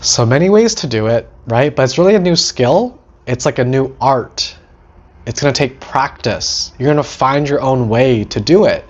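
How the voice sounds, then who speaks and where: A man hosting a teaching talk about setting boundaries, animated, acting out short quoted lines and often asking "right?". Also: medium pitch, moderate pace, lo-fi sound. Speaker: host.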